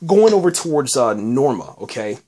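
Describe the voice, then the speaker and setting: Man, podcast host, casual episode review, rambling, filler-heavy, mid-range pitch. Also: big pitch swings, moderate pace, a little mellow. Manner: rambling, many fillers and restarts, says "man" often.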